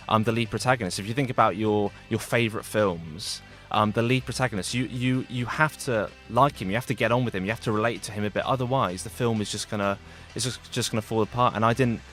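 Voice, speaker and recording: Fast, rambling man reviewing films. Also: on the low side, fairly bright tone. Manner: rambling, heavy with fillers and restarts. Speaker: film reviewer. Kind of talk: radio film review chat. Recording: radio studio with faint music.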